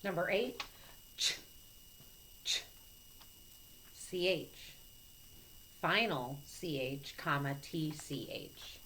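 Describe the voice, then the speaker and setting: A woman teacher giving a recorded phonics lesson to children, speaking slowly and patiently and spelling out each letter clearly. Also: low voice, a bit bright, slight background noise, low-quality recording. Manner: slow, patient and clearly enunciated. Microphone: camera mic.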